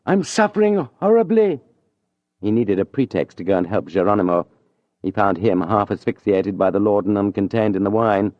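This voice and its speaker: A man narrates an audiobook in a measured, even way, with a somewhat low voice. The sound is dry and dull, as on a lo-fi recording. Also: no echo.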